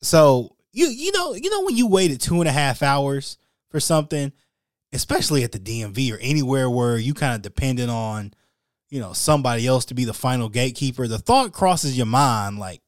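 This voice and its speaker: A male podcast host telling a story solo in a casual, animated, slangy and wry way. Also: mid-range voice, brisk, no echo, studio quality.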